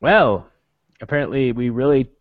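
A man's voice: medium pitch, normal speed, no echo, phone-quality sound. A man co-hosting a casual podcast, teasing the others and laughing easily. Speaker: podcast co-host.

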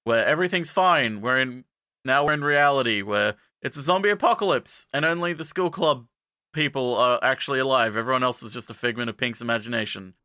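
A man casually recapping an anime for a podcast, acting out the characters' lines in quick, jumpy put-on voices. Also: bright, forceful tone, no room sound, clean studio sound. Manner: acts out characters in quick quoted voices, jumping up in pitch.

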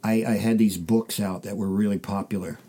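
Male comedian guest from the United States, dry anecdotal delivery, low warm tone. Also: fairly even intonation, fairly quick, slightly rough. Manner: dry storytelling, acts out quoted voices. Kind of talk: casual interview chat.

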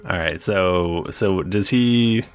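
A man's voice: sits low, slow pace. A man running a tabletop game as game master, narrating hesitantly with many fillers.

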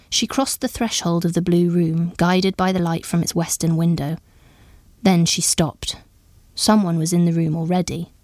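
A woman narrating a story in a measured, even storytelling manner. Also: fairly low pitch, dry recording, studio quality. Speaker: audiobook narrator.

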